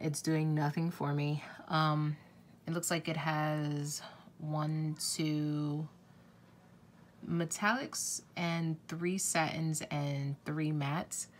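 A woman's voice: low-pitched, a little hiss or hum. A woman talking casually to camera as a beauty vlogger, chatty and effusive, swearing now and then.

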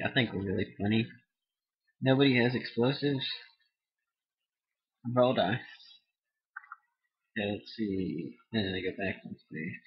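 A man's voice: medium pitch, slightly rough. A young man casually commenting on an online board game, goofy and giggly, breaking into silly made-up songs. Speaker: gameplay commentator. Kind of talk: casual let's-play commentary. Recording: dull lo-fi home recording.

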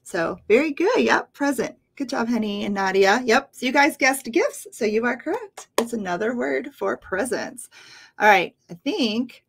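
A woman's voice: fairly high pitch, big pitch swings, normal speed, gravelly, breathy edge. A woman teaching English on a livestream, repeating words patiently for learners. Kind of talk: livestream lesson.

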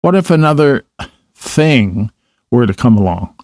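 A man's voice: mid-range voice, very animated, measured pace, darkish tone, no echo, clean studio sound. Male reader doing timid young mole, worried and questioning, storybook. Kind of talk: storybook reading.

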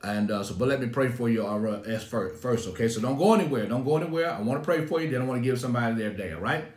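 Middle-aged preacher in a roomy church. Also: male voice, medium pitch, fast, a little mellow. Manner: emphatic, colloquial and repetitive, often laughing. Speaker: pastor. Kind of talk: sermon.

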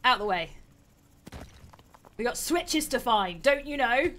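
A young woman hosts a live game stream with a high, bright voice that leaps up and down as she plays. She talks excitably, exclaiming and laughing through the action. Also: slow, slight background noise. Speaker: streamer host. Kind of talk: live gameplay commentary.

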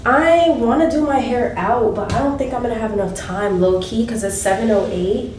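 A young woman vlogging casually from a hotel room, gushing and excitable, sometimes dropping to a whisper. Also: fairly high pitch, normal speed, echoey room, recorded from a distance, a little hiss or hum. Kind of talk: casual vlog chat.

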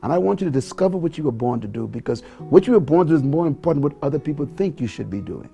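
A man's voice: a little high, animated, very fast, creaky, mellow, muffled recording, soft background music. A man from the Bahamas with a Bahamian accent, telling a life story as a talk-show guest and building to preacherly exhortation. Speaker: guest speaker.

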